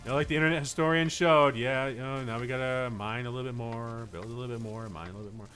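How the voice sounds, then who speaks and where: A man who is a voice actor chatting casually while streaming a game, telling animated stories and muttering along as he plays. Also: mid-range voice, fast, faint music behind. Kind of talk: casual gameplay livestream chat.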